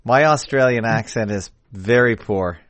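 A man's voice: medium pitch, fairly bright tone, no echo. Effusive male co-host, dry sound. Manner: effusive, heaps on praise with quick jokes. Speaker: podcast co-host. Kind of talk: casual chat.

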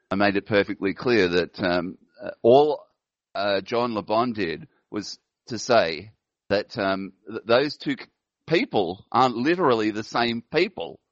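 A man's voice: on the low side, dry recording, lo-fi sound. A man hosting a casual online chat show, talking in a rambling way and laughing often. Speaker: host.

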